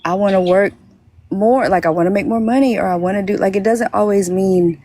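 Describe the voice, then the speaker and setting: A woman's voice: medium pitch, a little fast, mellow. A young woman talking casually on a podcast, hesitant, with many fillers and restarts. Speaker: podcast guest. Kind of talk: casual conversation.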